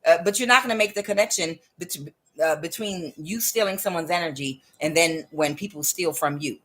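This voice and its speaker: A woman giving a tarot reading to camera, scolding and animated, with laughing asides. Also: on the low side, brisk, low-quality recording. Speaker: tarot reader.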